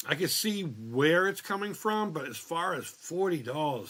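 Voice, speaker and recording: A man's voice: fairly high pitch, lively intonation, moderate pace, a bit bright. A man hosting a casual live stream, answering viewer chat, swearing freely and exclaiming in disbelief as he rambles with restarts. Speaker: livestream host reading viewer chat.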